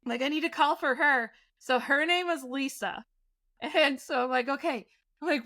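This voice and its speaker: High-voiced animated woman storyteller. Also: moderate pace. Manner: animated, laughing while telling a scary story. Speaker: podcast co-host. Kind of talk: casual storytelling.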